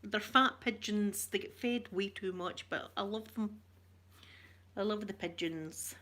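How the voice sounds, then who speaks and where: A woman's voice: mid-range voice, unhurried, fairly bright tone. A Scottish woman hosting an ASMR channel, chatting in a rambling, jokey way and greeting viewers by name. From Scotland. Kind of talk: chatty live-stream talk.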